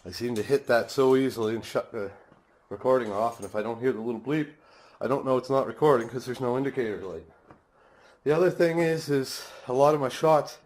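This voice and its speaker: A man's voice: medium pitch, a little mellow. A man vlogging casually in his garage, swearing easily and chuckling as he talks into a handheld phone. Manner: swears casually, laughs often. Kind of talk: casual rambling vlog. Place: home garage. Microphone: phone camera held by hand.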